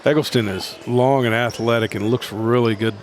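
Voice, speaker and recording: A man gives live play-by-play of a basketball game, tracking each pass in a steady, medium-pitched running call. Bouncing balls and gym ambience come through clearly behind him. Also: background noise. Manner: steady running call with quick self-corrections. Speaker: play-by-play announcer. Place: high school gym.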